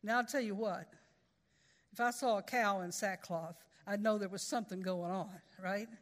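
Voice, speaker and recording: A woman's voice: mid-range voice, steady tone, moderate pace, big-room sound. A woman preaching a sermon in a folksy, conversational way, with storytelling asides.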